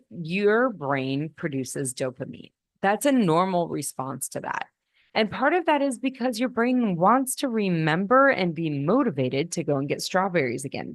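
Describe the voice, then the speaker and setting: A woman physician hosting a podcast, explaining nutrition in a measured, teaching manner with some restarts. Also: lowish voice, dry recording, studio quality. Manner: explanatory, with frequent restarts and slow emphasis. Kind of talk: educational talk on nutrition.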